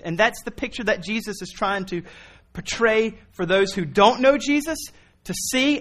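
A man preaching a sermon in an earnest, pleading way, moving from quiet reasoning to impassioned appeals. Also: sits high. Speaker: pastor.

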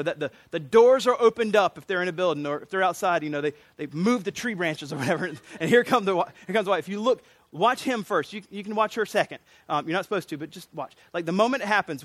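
A man's voice: high-pitched, no room sound. A man preaching a sermon as pastor, conversational and plain-spoken.

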